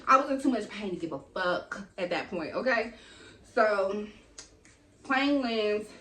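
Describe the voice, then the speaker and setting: Young woman, casual vlog storytelling, animated and slangy, slightly out of breath, echoey room, mic at a distance. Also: medium pitch. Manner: animated, slangy, acts out quotes. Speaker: vlogger.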